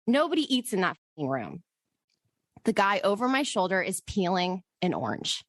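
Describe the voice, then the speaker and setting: A woman's voice: medium pitch, huge pitch swings, normal speed, dry recording. A woman podcast co-host telling a personal story in casual chat, emotional and rambling, swearing freely.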